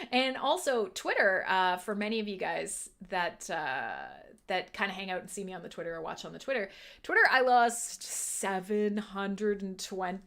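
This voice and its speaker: A woman hosting a casual livestream, chatting in an animated way, laughing often and swearing now and then. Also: mid-range voice, moderate pace. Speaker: livestream host.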